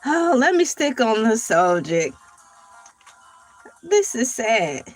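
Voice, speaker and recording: High-voiced, unhurried woman livestreamer. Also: very animated, faint music behind, low-quality recording. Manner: chatty, laughs often, reads search results aloud and spells words out. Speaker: livestream host. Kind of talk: casual livestream chat.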